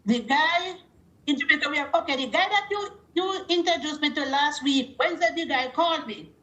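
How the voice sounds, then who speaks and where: A woman with a high, brisk voice calls in to a show and tells a story, animatedly acting out other people's lines as she quotes them. The recording has a roomy echo.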